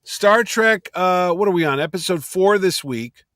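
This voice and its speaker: A man's voice: sits high, expressive, moderate pace, fairly bright tone, no room sound, studio quality. A man co-hosting a casual fan chat, blunt and skeptical, with wisecracks. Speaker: podcast co-host.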